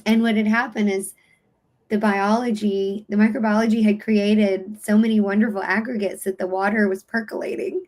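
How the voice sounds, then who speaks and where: A woman guest in a casual livestream conversation, telling stories with warm enthusiasm and open emotion. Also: mid-range voice, flat delivery, moderate pace.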